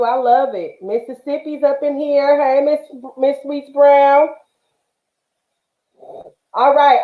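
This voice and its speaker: A chatty woman from the Bay Area hosts a craft livestream, greeting viewers warmly and peppering her talk with ums. Her voice sits high, and the sound is roomy and a little dull. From Northern California, Bay Area. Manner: chatty, affectionate, many fillers. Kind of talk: casual livestream chat.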